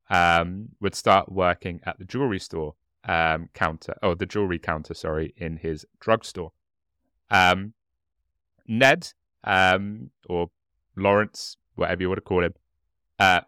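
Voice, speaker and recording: A man with a fairly low but bright voice hosts a casual true-crime podcast. He talks in a relaxed, hesitant way, full of ums and quick laughs. The recording is close and dry. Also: clean tone, no echo. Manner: relaxed, hesitant with many fillers, laughs often. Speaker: podcast co-host.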